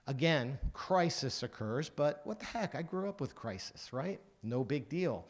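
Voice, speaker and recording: A man's voice: mid-range voice, moderate pace, hardly any pauses. A man in his sixties giving a conference keynote, telling career stories and acting out the voices of the people in them. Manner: anecdotal, lively storyteller acting out dialogue. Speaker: keynote speaker.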